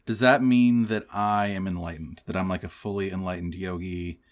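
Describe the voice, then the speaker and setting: A man's voice: low-pitched, fairly even intonation, normal speed. A man co-hosting a podcast in casual chat, with joking, sarcastic asides. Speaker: podcast co-host.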